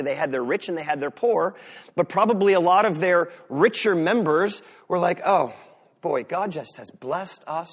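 A man from the US Northeast delivers a sermon in a loose, conversational way. His voice sits a little high and has a husky edge. He drops sarcastic asides as he goes. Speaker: pastor.

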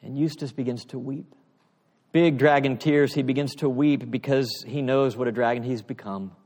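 A man preaching a sermon, retelling a story with an animated delivery that stumbles over and repeats its words. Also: medium pitch, moderate pace. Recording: long echoey reverb, large hall.

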